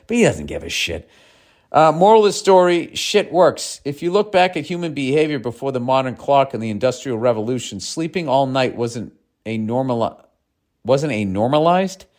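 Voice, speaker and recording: A man in his fifties hosting a podcast, ranting and swearing in a sardonic, casual monologue while reading listener mail. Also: mid-range voice. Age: 50s. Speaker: podcast host.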